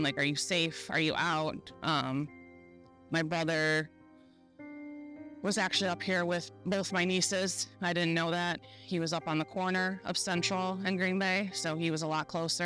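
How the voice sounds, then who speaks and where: A woman in a documentary interview, recounting what she lived through in a measured, halting way, pausing often on fillers. Her voice is bright and keeps a narrow, even pitch. Soft music plays faintly underneath. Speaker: shooting survivor recounting events.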